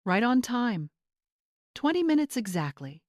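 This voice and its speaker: A woman's voice: on the high side, a little slow, dry recording, studio quality, pitched above the performer's own voice. A woman voicing a commanding woman in her seventies. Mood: cool. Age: 70s. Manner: calm, cool, clipped authority. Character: older woman, commanding retired homeowner.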